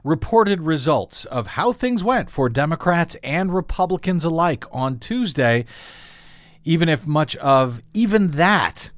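A man's voice: a little high, no echo, clean studio sound. A man hosting a talk radio show, wry and self-deprecating, stumbling over fillers as he talks. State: a little out of breath. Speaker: radio host. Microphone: studio microphone.

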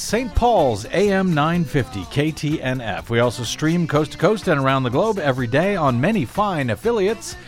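A man hosting a talk radio show, wry and self-deprecating, stumbling over fillers as he talks. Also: a little high. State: a little out of breath. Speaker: radio host. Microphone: studio microphone.

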